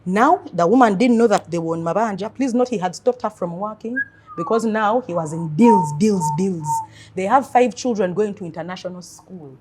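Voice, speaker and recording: A woman financial coach giving earnest advice in an interview, telling animated stories. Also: mid-range voice, normal speed, background noise.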